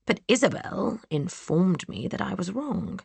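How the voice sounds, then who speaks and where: A woman's voice: medium pitch, lively intonation, measured pace, creaky, slightly rough, no room sound, pitched above the performer's own voice, exaggerated voice. Woman voicing a cold, sneering villain brother. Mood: impatient. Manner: cool, sneering, sometimes hushed. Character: cold scheming young man, villainous brother.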